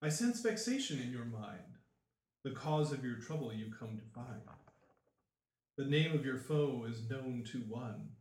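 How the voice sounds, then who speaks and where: A man gives voice to an ancient oracle spirit delivering a rhyming prophecy, slow and grave, each line weighed out like a chant. The tone sits mid-range, and the recording carries a noticeable room echo. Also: mid-range voice, lively intonation, darkish tone, natural voice. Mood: solemn. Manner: slow, solemn chanting in rhyme. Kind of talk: rhyming prophecy in tabletop game. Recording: roomy echo.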